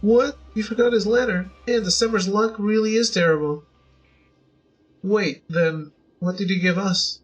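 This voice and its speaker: A man putting on a squeaky excitable little companion girl. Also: highs cut off, faint music behind. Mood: surprised. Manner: quick, exclaiming, speaks of herself by name. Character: small excitable female floating companion. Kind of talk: reading game dialogue aloud.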